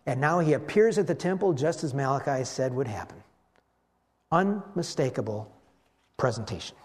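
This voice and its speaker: A male preacher delivering a sermon with a fairly high voice that rises and falls all over the place. He tells the story in an animated way and jumps into the voices of the people in it, shouting their lines. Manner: animated storytelling, acts out voices of biblical figures.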